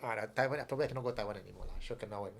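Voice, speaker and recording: A man's voice: fairly low pitch, rapid-fire, creaky. A man co-hosting a podcast, chatting casually with jokes and laughter and reading news items aloud. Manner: laid-back, jokey, laughs often. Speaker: podcast co-host.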